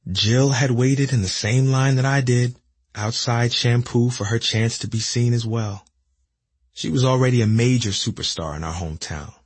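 A man in his thirties from Philadelphia reads his memoir aloud in a reflective, measured way. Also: fairly low pitch, slightly rough, dry recording. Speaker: narrator reading his memoir. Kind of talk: audiobook memoir narration.

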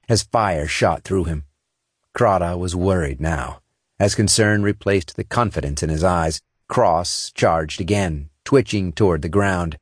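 A man narrating an action scene for an audiobook in a steady, dramatic reading. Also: deep voice, breathy edge, no echo, clean studio sound.

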